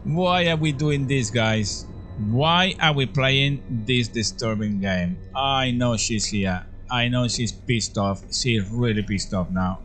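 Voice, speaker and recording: A man's voice: medium pitch, slow, a bit bright, slight background noise. A man commentating as he plays a horror game, jumpy and full of exclamations, often calling out to his viewers. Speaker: horror game let's-player.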